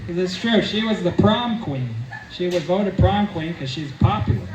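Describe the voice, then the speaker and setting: A man tells a rambling comic story in an oblivious deadpan, his voice pitched fairly high. He sounds distant in a roomy, echoing space, with a faint hum behind him. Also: normal speed, hardly any pauses, dull audio. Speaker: comedy character vlogger.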